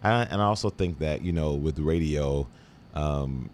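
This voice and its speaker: A man's voice: extremely low pitch, unhurried, darkish tone, slight background noise. A man being interviewed, easygoing and laughing often, sometimes repeating words as he talks. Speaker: Broadway actor guest. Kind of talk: casual interview chat.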